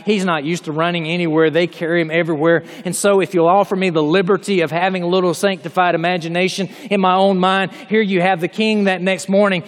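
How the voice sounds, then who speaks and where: A man preaching a sermon, telling a story dramatically and swinging between loud passages and hushed asides. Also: a little high, big-room sound.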